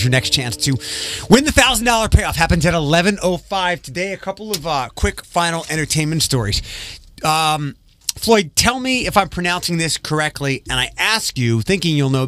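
A man's voice: a little high, animated, brisk, fairly bright tone, soft background music. A man hosting a morning radio show, chatty as he talks with a guest and reads entertainment news. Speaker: radio host.

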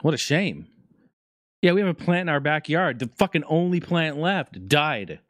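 A man hosting a casual talk show, rambling through news and stories in a profane, joking, animated way. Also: a little high, moderate pace, no room sound. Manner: profane, jokey, animated storytelling. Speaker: podcast host.

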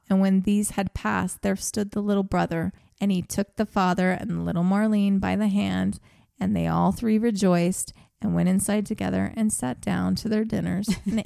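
This is a woman reading an old fairy tale aloud on a podcast, slipping into small voices for the characters. Her voice is low in brightness and mellow, with a gravelly fry. The sound is close and dry, with no room around it. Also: dry recording. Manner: reads the story aloud with brief acted quotes and frequent laughter. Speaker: podcast co-host.

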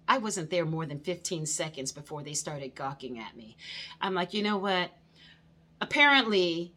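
A woman hosting a show, telling a personal story in a lively way, her voice climbing and getting louder when she quotes herself. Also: fairly low pitch, normal speed. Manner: animated, rising and loud when quoting herself. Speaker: host. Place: indoor studio under hot lights.

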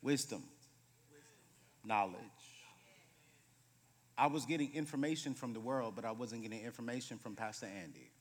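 A man in his late thirties, a guest preacher telling humorous stories in a sermon, moving between loud bursts and hushed moments. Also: medium pitch, normal speed, pauses often. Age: 30s. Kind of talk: sermon with storytelling. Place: church sanctuary. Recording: reverberant church hall.

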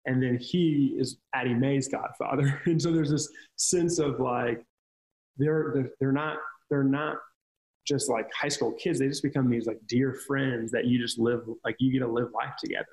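A man's voice: medium pitch, steady tone, normal speed, darkish tone, low-quality recording. A man talking casually on a podcast, telling earnest stories about ministry with frequent restarts. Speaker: ministry leader.

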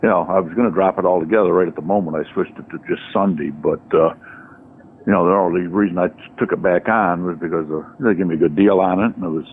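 A man's voice: low voice, fast. A man on a phone call, complaining about his bill in an aggrieved, long-winded way. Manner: aggrieved, explaining at length. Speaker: newspaper customer on a call. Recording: tinny phone line with faint hiss.

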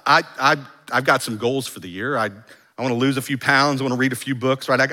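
A male pastor preaching a sermon, animated, acting out the lines he quotes. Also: medium pitch, big-room sound.

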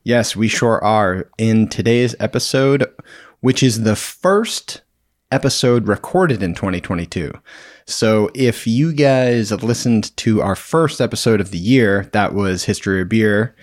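A man co-hosting a podcast in relaxed casual chat, laughing often. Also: lowish voice, a little slow, no echo, clean studio sound. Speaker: podcast co-host.

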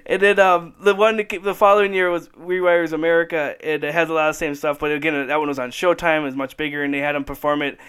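Chatty man with a smooth voice. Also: fairly high pitch, little pitch movement, quick pace, few pauses, a bit bright. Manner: rambling, enthusiastic, laughs often. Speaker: podcast host. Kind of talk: casual chat.

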